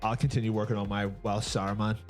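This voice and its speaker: A young Northern Irish man co-hosting a crude comedy show, throwing in dry, deadpan quips. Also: on the low side, fast, faint music behind. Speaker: co-host.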